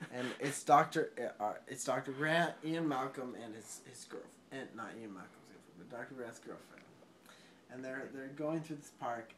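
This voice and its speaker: A man's voice: mid-range voice, slight background noise. A drunk young man retelling a film in a rambling, swearing way, often laughing and tripping over his words.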